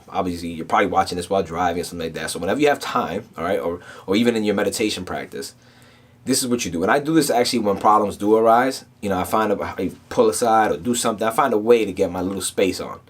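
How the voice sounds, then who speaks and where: A man's voice: lowish voice, fast. A man hosting a casual motivational talk, telling stories in a loose, streetwise way and often checking in with "right?". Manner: streetwise, animated storytelling with frequent "right?". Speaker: motivational podcast host.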